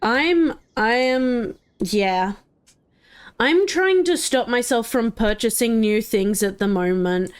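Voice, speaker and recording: Giggly woman streaming slowly. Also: on the high side, expressive, clear, resonant tone. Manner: chatty, giggly, reads chat and rambles. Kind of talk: live game stream chat.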